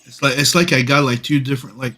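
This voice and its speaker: A man's voice: medium pitch, fairly even intonation, quick pace, sharp tone. Sick male streamer, casual rambling chat while drawing. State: sick with a cough. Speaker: comic artist streaming.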